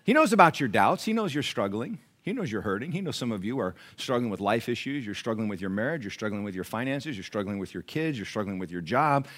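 A man preaching a sermon in a church, lively, calling out to the congregation and acting out little voices. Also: on the low side, fast talker, few pauses. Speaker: pastor.

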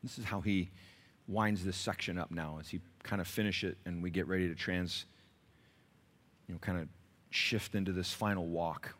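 Animated preacher man, bright and low. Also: moderate pace. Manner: animated storytelling, swings from shouting to whispering. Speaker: pastor. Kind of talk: sermon.

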